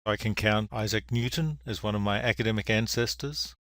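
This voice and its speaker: A man, an engineering professor, giving a public award lecture in a measured, dry storytelling manner. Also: lowish voice, a bit bright, no room sound. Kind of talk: public lecture with a told fable. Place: lecture venue.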